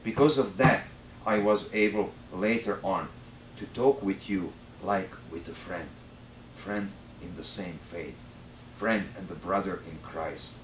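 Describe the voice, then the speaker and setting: Serbian-accented priest, echoey and distant. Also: male voice, sits low, slow, slight background noise. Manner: animated, acts out dialogue in the story. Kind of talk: retreat talk, storytelling. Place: retreat center hall. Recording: roomy, distant mic in a hall.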